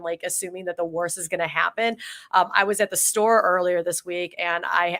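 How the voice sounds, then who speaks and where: A woman co-hosts a podcast and talks in a relaxed, conversational way. Her voice sounds bright and a little tense. She rambles, with restarts, and acts out the story as she tells it. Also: fairly low pitch. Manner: rambling storyteller, animated retelling. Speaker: podcast co-host. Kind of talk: casual chat.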